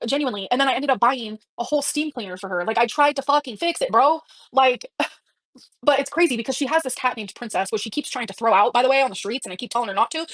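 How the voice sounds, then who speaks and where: A young woman live streaming, talking fast and emotionally, swearing, with lots of fillers and restarts. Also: on the high side, fairly bright tone, no room sound.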